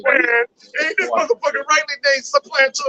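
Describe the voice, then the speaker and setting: High, bright, profane Bible teacher. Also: male voice, a little fast, gravelly, poor audio. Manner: profane, animated, playful, cues reader with "go ahead". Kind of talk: street-style Bible study sermon.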